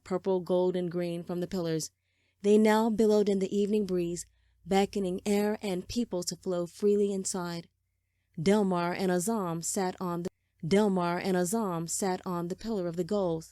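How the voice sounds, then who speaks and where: A woman narrating a fantasy novel in a measured, steady reading style. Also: on the low side, dry recording. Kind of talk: scripted audiobook narration.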